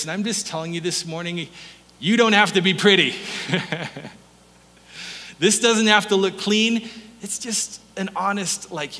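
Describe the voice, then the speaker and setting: Lively bright-voiced male pastor preaching. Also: sits high, unhurried, pauses often, in a large hall. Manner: animated storytelling, acts out voices, laughs often. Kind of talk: sermon.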